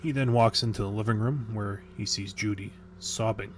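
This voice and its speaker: A man with a fairly low voice tells a horror story in a casual, crude way. He stumbles over nervous restarts now and then. A faint hum sits behind the recording. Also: fairly even intonation, moderate pace. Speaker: narrator. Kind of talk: creepypasta storytelling.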